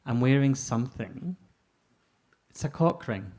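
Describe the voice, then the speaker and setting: A Scottish man doing stand-up, taking his time over crude setups. His voice sits at an ordinary pitch and moves slowly, holding a deadpan line until the punchline lands. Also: a little hiss or hum. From Scotland. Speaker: stand-up comic. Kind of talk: stand-up routine.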